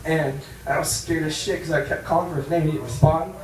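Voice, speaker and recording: A man doing a stand-up comedy set in a bar, brash and profane, with loud punchlines. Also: on the high side, steady tone, fairly quick, slight background noise. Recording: roomy club sound from a distance.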